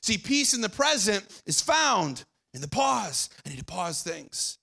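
A young man preaching a sermon as pastor, conversational, repeating phrases and dropping quiet for emphasis. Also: sits high, sing-song, measured pace, vocal fry, slightly rough. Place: church auditorium.

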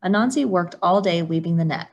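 A woman reading a children's picture book aloud for storytime, in a steady storytelling manner. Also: on the low side, fairly quick, lo-fi sound. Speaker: storytime reader.

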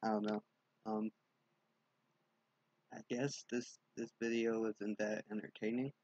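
A young man telling a rambling late-night vlog story, casual and sweary, in a dark room at home. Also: lowish voice, little pitch movement, unhurried, no room sound, dull audio. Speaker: vlogger.

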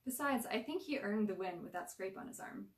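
A woman's voice: mid-range voice, expressive, brisk, roomy sound, distant mic, close to an everyday voice. A woman voicing a wry, teasing preteen girl who likes to take charge. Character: sassy preteen girl who mocks and leads.

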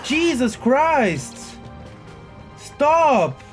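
A man giving live commentary on his own gameplay, excitable, often exclaiming and cursing at a hard boss fight. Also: very high-pitched, extremely slow. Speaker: gaming video host. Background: faint game music.

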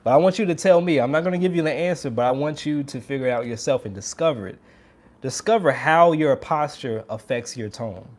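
A man's voice: medium pitch, a little fast. A man giving a casual trumpet lesson, talking straight to viewers in an upbeat, hands-on way. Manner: upbeat, demonstrates by putting on strained voices. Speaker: trumpet teacher.

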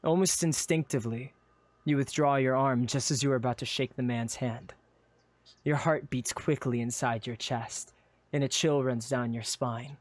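A man narrating a live game roleplay in second person, with animated, flustered asides. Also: mid-range voice, normal speed, dry recording. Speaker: player and narrator.

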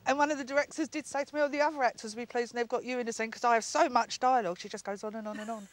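A woman's voice: a little high, fairly even intonation, racing. A middle-aged woman, an actress being interviewed, talking freely and poking fun at herself. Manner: talkative, warm and self-mocking. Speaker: actress guest. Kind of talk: chatty interview. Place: on location at a soap set.

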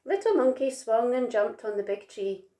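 A woman reading a children's picture book aloud in an expressive, gentle way. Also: fairly high pitch, normal speed. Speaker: storyteller. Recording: roomy echo.

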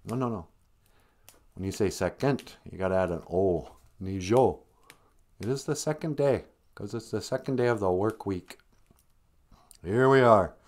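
A man's voice: on the low side, expressive, moderate pace, pauses often. A man hosting a casual live stream, joking and teasing his viewers while teaching words. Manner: playful, teasing banter with viewers; jokey mock-stern scolding.

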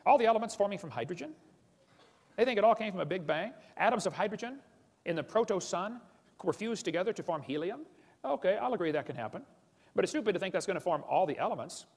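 A creationist lecturer speaks to an audience in a lecture hall with audible reverb, his high-pitched, expressive voice firing off blunt, mocking remarks. He repeatedly labels ideas stupid and talks down to listeners, calling them boys and girls.

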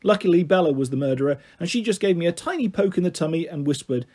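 Mellow, husky man reading a children's story. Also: a little high, animated, quick pace. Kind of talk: children's audiobook narration.

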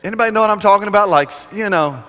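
A man's voice: high-pitched, racing, fairly bright tone. A middle-aged man preaching a sermon, telling a funny story in a chatty, humorous way. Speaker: pastor. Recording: echoey hall.

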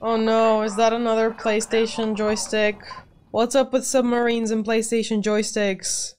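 A woman's voice: fairly high pitch, little pitch movement, measured pace, a little mellow, slight background noise. A young woman in her twenties hosting a movie reaction video, exclaiming and swearing freely as she reacts. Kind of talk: casual movie reaction commentary.

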